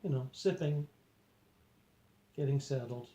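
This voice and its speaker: A man recounting an out-of-body experience, talking in a hesitant, rambling way with many pauses and fillers. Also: medium pitch, warm tone. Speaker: journal narrator. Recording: roomy echo.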